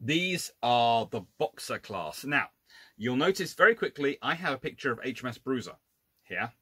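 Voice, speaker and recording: Male historian lecturing casually, lively swooping pitch, wry exasperated asides, restarts. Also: normal speed, slightly rough, no room sound. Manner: restarts and self-corrections. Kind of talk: informal illustrated lecture.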